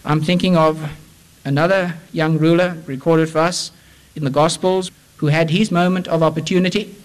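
A man preaching an evangelistic sermon, impassioned and repetitive, swinging from raised urgency down to hushed, low phrases. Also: steady tone, moderate pace, poor audio. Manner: impassioned, with repeated rhetorical appeals.

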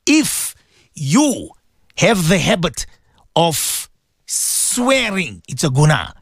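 High, animated male radio preacher. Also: very slow, dry recording, studio quality. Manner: emphatic, repetitive, quizzing listeners. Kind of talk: radio religious talk.

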